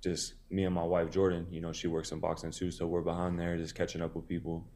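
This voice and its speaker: Deep, dark-voiced man telling a story. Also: completely flat delivery, fast. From Tennessee. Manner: laid-back storytelling, many fillers. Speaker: boxer guest. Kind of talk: casual podcast interview.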